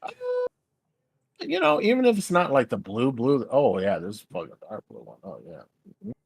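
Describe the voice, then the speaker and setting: A man's voice: medium pitch, huge pitch swings, normal speed, creaky, slightly rough, dry recording. Man, stream host, casual chat, rambling, crude, dry close sound. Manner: rambling, crude and laughing easily.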